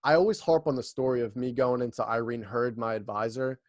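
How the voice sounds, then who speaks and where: A young man hosts a podcast in a loose, laughing, swear-filled chat. His voice sits at an ordinary middle pitch, recorded close and dry with no room sound. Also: a little fast, a little mellow, no room sound. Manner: laid-back, profane, laughs often. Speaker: podcast host. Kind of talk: casual chat.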